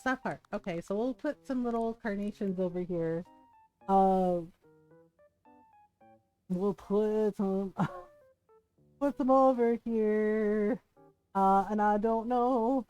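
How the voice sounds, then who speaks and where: A woman streamer chatting casually while she plays a game, laughing often and retelling a story with lively quoted voices. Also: mid-range voice, slow pace, long pauses. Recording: dry close mic with faint game music.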